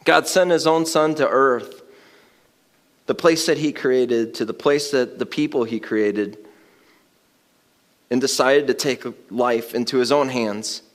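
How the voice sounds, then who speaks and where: A man preaching a sermon in a casual, conversational way. He grows louder and more excited at times and laughs while he talks. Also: mid-range voice, takes it slowly, long pauses. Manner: conversational, builds to loud excited emphasis with laughter. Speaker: pastor.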